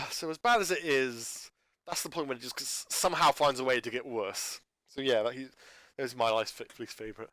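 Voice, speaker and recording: A man's voice: medium pitch, normal speed, fairly bright tone, no room sound. A man talking in an unscripted rambling monologue, stumbling and restarting his sentences as he rants in exasperation about a video channel. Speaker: YouTuber reviewing a channel.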